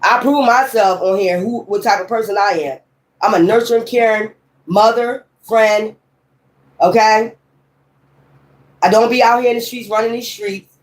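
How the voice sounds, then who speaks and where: A woman's voice: a little high, moderate pace, long pauses. Blunt, profane woman in her fifties. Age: 50s. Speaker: tarot reader. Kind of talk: tarot reading with ranting commentary.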